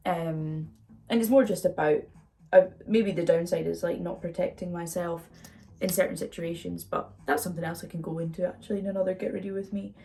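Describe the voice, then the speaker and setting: At home indoors, a young female vlogger does her makeup while chatting openly in a casual get-ready-with-me talk, rambling with lots of fillers. Her voice is on the low side, steady and dark, and she speaks a little fast.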